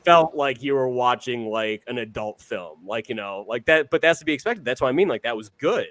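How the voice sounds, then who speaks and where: A man co-hosting a horror podcast, talking in a rambling, animated way and swearing often. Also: medium pitch, brisk, no echo. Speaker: podcast co-host. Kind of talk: casual chat.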